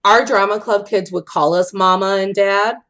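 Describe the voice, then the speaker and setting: A young adult woman co-hosting a podcast, telling an animated story in a casual chat, acting out quotes and laughing often. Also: medium pitch, moderate pace. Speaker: podcast co-host.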